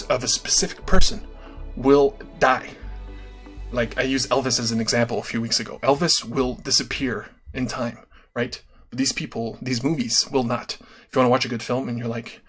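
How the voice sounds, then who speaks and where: Man in his own voice, livestream host, casual and earnest, keeps checking in with the audience, mid pitch, soft music underneath. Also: steady tone, a little fast, breathy edge.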